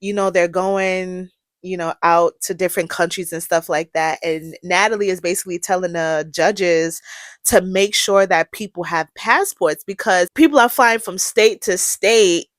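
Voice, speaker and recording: A young woman talks straight into a close mic on her own podcast, with a dry, roomless sound. She swings between low, quiet musing and loud, fired-up rants, peppered with slang and swearing. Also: normal speed, dry recording. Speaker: podcast host. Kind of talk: casual monologue.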